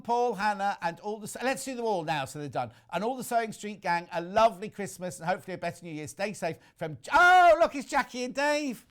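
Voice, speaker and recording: Chatty male shopping-channel host. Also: high-pitched. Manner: chatty, reads viewer messages aloud with asides. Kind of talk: live TV sales chat.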